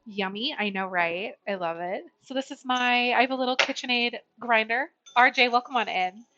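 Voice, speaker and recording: A woman's voice: on the high side, normal speed. A woman streamer chatting casually while baking in her home kitchen, bubbly and greeting her viewers by name. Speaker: Twitch streamer. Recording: slightly dull lo-fi stream audio, faint music.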